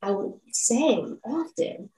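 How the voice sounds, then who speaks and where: A woman's voice: on the high side, animated, takes it slowly, dark tone, recorded from a distance. A woman hosting a motivational self-help podcast, who keeps checking in with "right?" and invites listeners to lean in. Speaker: podcast host. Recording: roomy echo, off-mic.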